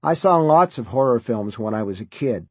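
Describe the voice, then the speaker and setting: Author guy reading his own intro, chatty and wry, a bit raspy, mid pitch. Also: expressive, moderate pace, darkish tone, no room sound.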